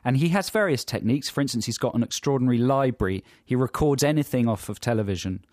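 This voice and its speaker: A man's voice: medium pitch, lively intonation, quick pace, darkish tone, no echo, studio quality. Enthusiastic man telling a story. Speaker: podcast co-host. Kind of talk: casual comedy chat.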